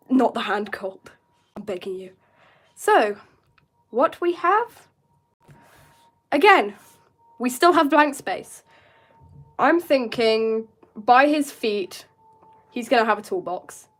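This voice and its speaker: Young woman rambling through a drawing stream, jokey asides to chat, kinda high voice. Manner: chatty, self-mocking asides to chat. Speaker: art streamer. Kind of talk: live-streamed drawing tutorial.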